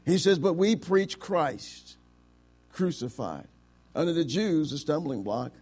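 A man with a high, bright-toned voice preaches a sermon. He swings between booming declarations and near-whispers, stretching his key words. He presses his congregation with rhetorical questions. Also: animated, measured pace, breathy edge. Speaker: pastor.

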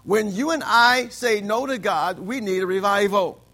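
High-voiced preacher calling amens. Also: male voice, fairly even intonation, unhurried, bright, forceful tone. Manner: call-and-response preaching, frequent amens, acts out voices in anecdotes. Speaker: pastor. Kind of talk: sermon.

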